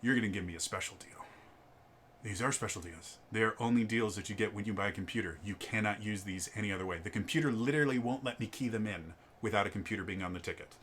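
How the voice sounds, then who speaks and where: A man voicing a pushy middle-aged father who talks low and hushed while demanding a deal in an anecdote. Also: fast talker, slight background noise, natural voice.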